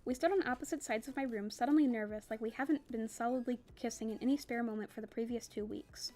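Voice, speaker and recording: Young woman reader, slightly high voice, plain novel reading with casual asides. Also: quick pace, a little mellow, soft background music. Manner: reads plainly, breaks off for chatty, laughing asides.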